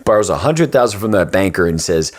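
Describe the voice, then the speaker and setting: A man with a notably low, deep voice hosts a podcast in a relaxed, conversational way. He tells stories with energy, slipping into voices for the characters, then turns earnest as he offers advice. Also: a little fast. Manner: animated storyteller, acts out the characters. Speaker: podcast host. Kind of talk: casual storytelling chat.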